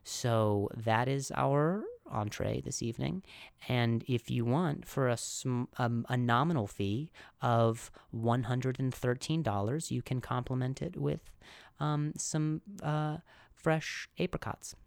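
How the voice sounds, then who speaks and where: A man putting on a pompous fine-dining waiter, speaking slowly and snootily. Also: mid-range voice, vocal fry, dry recording. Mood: snooty.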